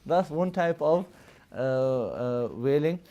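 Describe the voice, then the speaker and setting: The audio is dull, and the man's mid-range voice is mellow and expressive as he takes his time. He is a religious studies teacher giving a live lesson, explaining at length, laughing often, and checking in with "Yes?" and "Yeah?"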